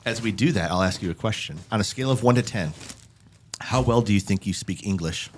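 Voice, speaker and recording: A man's voice: fairly low pitch, brisk, a little hiss or hum. A man hosting a casual podcast chat, joking and laughing often. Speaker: podcast host.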